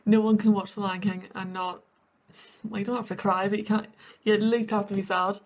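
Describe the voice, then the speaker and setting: A woman's voice: medium pitch, little pitch movement, a little fast. Twenty-something girl gushing and rambling about sad movie bits, voice wobbly like she might cry. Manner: gushing, rambling, sniffly over sad scenes. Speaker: university student and video host. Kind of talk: emotional reaction commentary.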